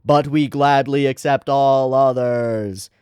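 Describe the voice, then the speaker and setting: A lazy, unhelpful god drawls every word slowly and loudly, as a man puts him on. The delivery is deadpan and unbothered. The sound is dry and close. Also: medium pitch, clear, resonant tone, no echo, close to an everyday voice. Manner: very slow, drawn-out and loud. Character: deadpan, unhelpful male god, slow and booming.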